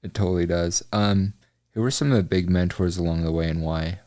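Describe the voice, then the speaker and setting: A man's voice: sits low, fairly even intonation, brisk, warm tone, no echo. A man hosting a podcast interview, chatting casually and affirming his guest with short enthusiastic replies. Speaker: podcast host.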